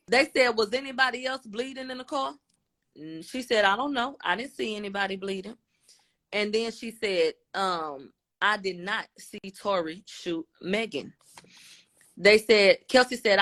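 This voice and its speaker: A woman's voice: mid-range voice, fairly bright tone. A woman giving a casual, blunt recap of courtroom testimony, voicing both the questions and the answers in turn. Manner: informal, blunt, with slang. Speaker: commentator.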